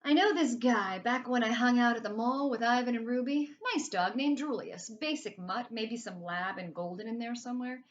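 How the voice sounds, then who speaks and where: A woman's voice: on the high side, moderate pace, hardly any pauses. A woman reading a children's novel aloud in a casual, chatty first-person storytelling way. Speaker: reader. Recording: slightly muffled lo-fi recording.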